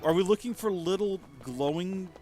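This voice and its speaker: A man's voice: high-pitched, moderate pace, warm tone, soft background music. Chatty rambling streamer guy. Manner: chatty, rambling, self-mocking. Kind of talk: casual let's-play commentary.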